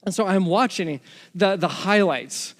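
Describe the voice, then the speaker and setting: A man's voice: high voice, unhurried, big-room sound. A man from Texas, a pastor giving a sermon in a conversational storytelling way, often restarting his phrases.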